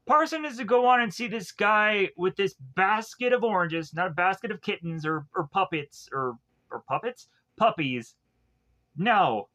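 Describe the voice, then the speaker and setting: A man's voice: high-pitched, animated, normal speed, bright, forceful tone. A man recapping a film plot in a loose, casual way, full of fillers and self-corrections, paraphrasing what the characters say. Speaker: film reviewer.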